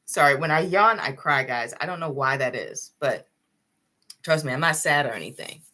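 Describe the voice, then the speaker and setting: Low-pitched, bright-voiced young woman chatting. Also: lively intonation, normal speed. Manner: chatty, addresses viewers directly, laughs often. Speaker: tarot reader hosting a live stream. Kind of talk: casual live-stream chat.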